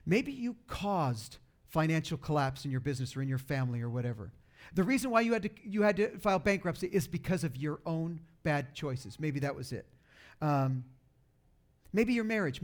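A middle-aged male pastor preaching a conversational sermon, restarting phrases and acting out quotes. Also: high voice.

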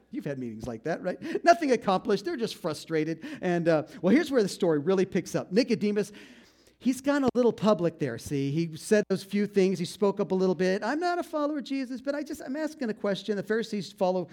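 Guy preaching, animated storyteller, does little voices for the people in the story, a bit high voice. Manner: lively storytelling with acted-out quotes. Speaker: pastor. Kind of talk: sermon.

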